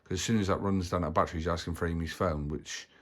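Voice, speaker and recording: A man's voice: low-pitched, steady tone, racing. A man hosting a family vlog, talking in a rambling, matter-of-fact way. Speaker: vlog host, parent. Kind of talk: casual chat to camera.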